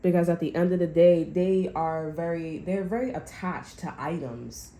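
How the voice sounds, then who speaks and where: A woman's voice: fairly low pitch, moderate pace, mellow. A woman giving a casual, loose tarot reading to her viewers, swearing freely and talking through restarts. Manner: loose and profane, chatty, fillers and restarts. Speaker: tarot reader.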